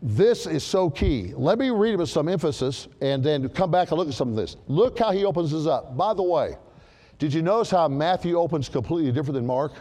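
A man preaching a sermon to a church congregation, emphatic and animated, repeating his key words for stress. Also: a little high, a little fast, in a large hall.

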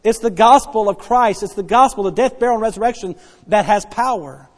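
A man preaching a sermon as pastor, emphatic and repetitive, dropping soft then rising loud to stress his points. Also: high-pitched, a little fast. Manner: emphatic preaching, repeats key phrases, swings between soft and loud. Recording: long hall reverb.

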